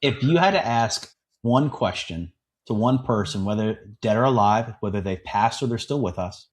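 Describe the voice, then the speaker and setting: A man's voice: fairly low pitch, expressive, moderate pace. A man hosting a business podcast, talking in an emphatic, conversational way and repeating points for his listeners. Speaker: podcast host. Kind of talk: conversational interview.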